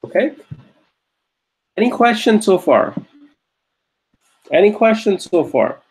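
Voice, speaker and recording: A man's voice: high voice, big pitch swings, slow, darkish tone. A man teaching an online grammar class, patiently repeating each point and checking that students follow. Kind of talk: online Arabic grammar lesson.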